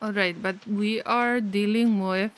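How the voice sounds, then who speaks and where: A woman's voice: medium pitch, fairly even intonation, a little slow. A woman streaming a survival game in casual chat, reacting aloud, laughing often and mooing at the cows. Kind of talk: casual live-stream commentary.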